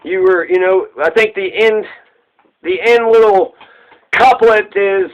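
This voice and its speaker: A man's voice: high-pitched, steady tone, measured pace, highs cut off. A man casually retelling an old fable in a loose, rambling way, swearing freely and laughing at his own jokes.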